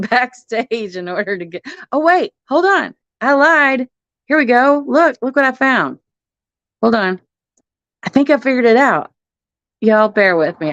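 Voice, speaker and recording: A woman's voice: medium pitch, dry recording. A middle-aged woman, hosting a casual livestream from her phone at home, laughing often and swearing casually. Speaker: livestream host. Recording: muffled phone stream audio.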